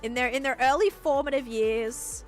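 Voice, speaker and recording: A woman's voice: sits high, moderate pace, faint music behind. A woman with an Australian accent, live-streaming a building game and chatting casually with her viewers as she plays. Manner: chatty, talks to chat while building. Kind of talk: casual live-stream chat while playing.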